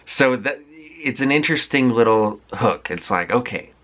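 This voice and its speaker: Speaking at a moderate pace in a mid-range, fairly bright voice with lively intonation, a movie vlogger chats about a film he watched. He rambles in a candid, conversational way, often using fillers and starting over.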